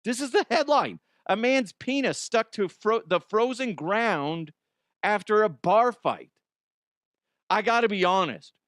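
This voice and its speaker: Animated jokey man hosting comedy news. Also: high-pitched, measured pace, dry recording, clean studio sound. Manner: animated, jokey, swears freely. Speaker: comedy news show host.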